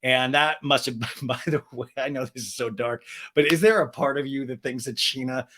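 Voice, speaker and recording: A man hosting a podcast, recapping a reality show in an animated, gossipy and profane way. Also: medium pitch, normal speed. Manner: animated, gossipy, swears and laughs often. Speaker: podcast host.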